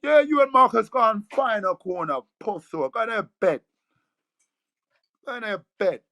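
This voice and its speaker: A man's voice: high voice, sing-song, unhurried, bright, forceful tone, no room sound. A man with a London accent ranting aggressively in slang, boasting and calling people out. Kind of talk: heated rant.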